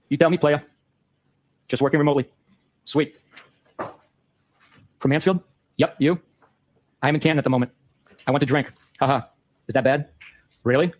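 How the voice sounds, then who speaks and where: A man hosting a show, reading a long exchange of text messages aloud in a brisk, matter-of-fact way. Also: medium pitch, dry recording. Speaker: host.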